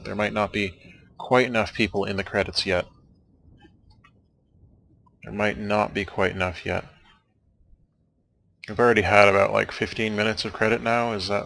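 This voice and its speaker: Young male let's-player, low gravelly voice with a bright, forward edge, dry, wry rambling commentary. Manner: wry, dry jokes, meandering asides. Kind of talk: casual rambling commentary over game credits.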